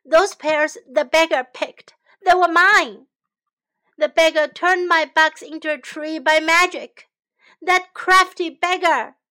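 A woman doing selfish, shouting Shen. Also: high-pitched, sing-song, slow pace, few pauses, exaggerated voice. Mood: furious. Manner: shouty, harsh. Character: selfish, greedy man shouting at a market. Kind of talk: storybook reading for English learners.

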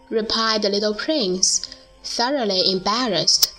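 A woman narrating a storybook in a slow, deliberate reading. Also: medium pitch, sharp tone, soft background music, poor audio.

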